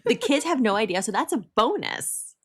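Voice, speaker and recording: Lively, expressive woman podcast co-host. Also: a little high, moderate pace, husky. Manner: warmly encouraging, expressive storyteller. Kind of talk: casual conversational podcast chat.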